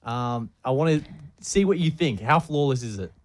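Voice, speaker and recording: A man's voice: medium pitch, animated, normal speed. Chatty male radio co-host. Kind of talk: casual radio banter.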